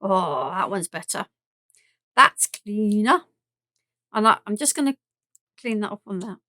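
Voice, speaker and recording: Her medium-pitched voice is expressive, bright and forceful, and she speaks a little slowly as she runs a live craft demo. This southern English woman thinks out loud and pokes fun at her own mess in a chatty way. There's no echo.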